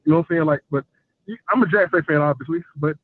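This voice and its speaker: A man with a high, light voice calls in and chats loosely, joking and repeating filler phrases. His voice comes through a tinny, dry phone line. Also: fast talker, dry recording. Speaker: caller. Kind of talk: casual call-in chat.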